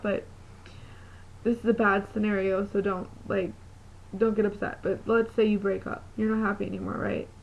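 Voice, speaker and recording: A woman's voice: mid-range voice, creaky. A young woman vlogging about living with epilepsy, earnest and encouraging, with frequent ums and restarts. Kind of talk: heartfelt motivational vlog talk. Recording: lo-fi webcam audio with faint noise.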